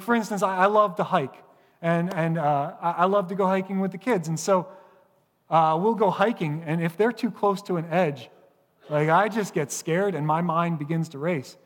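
A man in his thirties preaching a sermon, self-mocking and sarcastic, telling stories with lots of animation. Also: high voice. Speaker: pastor. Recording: long hall reverb.

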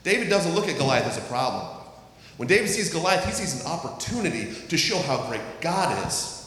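A man preaching a sermon, earnest and deliberate, slowing down to stress key words and reading scripture aloud. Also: a little high, very animated, a bit bright. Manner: earnest, reads scripture aloud, slows for emphasis. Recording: echoey hall with faint ambience.

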